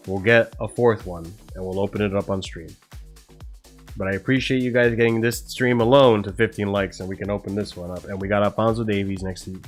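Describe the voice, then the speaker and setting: An American man hosting a casual football watch-along livestream and chatting directly with his viewers as he wraps up. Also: fairly low pitch. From United States. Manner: chatty, talks straight to chat, swings between upbeat and mumbled asides. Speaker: livestream host.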